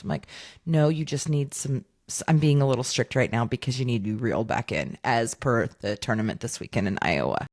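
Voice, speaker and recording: A woman's voice: a bass voice, lively intonation, brisk, darkish tone. A woman in her thirties co-hosting a podcast, telling stories in casual chat, acting out quoted dialogue and swearing freely. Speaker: podcast co-host.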